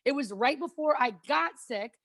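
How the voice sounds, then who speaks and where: A woman chatting casually on a podcast, telling lively stories about being a contestant on a cooking show and acting out the quotes. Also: high-pitched, moderate pace, dry recording, clean studio sound. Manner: animated, chatty storyteller who acts out quotes.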